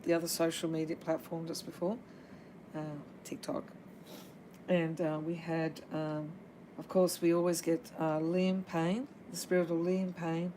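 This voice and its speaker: A woman's voice: lowish voice, a little mellow, a little hiss or hum, low-quality recording. A woman hosting a paranormal livestream. She chats casually, calls out to spirits, and fills her talk with ums and uhs. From Australia. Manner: halting, full of ums and uhs.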